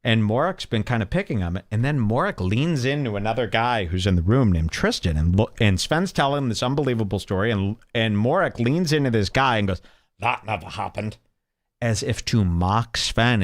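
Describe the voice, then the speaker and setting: A man's voice: lowish voice, animated, moderate pace, no room sound. A male podcast host telling a story in a casual, mocking way, often jumping into quoted voices.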